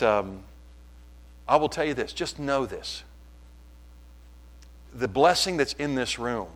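A man preaching a sermon, impassioned and swinging from quiet to loud. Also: mid-range voice, poor audio. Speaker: pastor.

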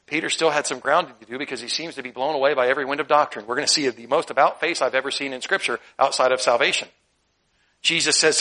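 A man's voice: mid-range voice, brisk, pauses often. A man preaching a sermon, reading scripture and joking with laughing asides. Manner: humorous, animated, laughing asides. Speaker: pastor.

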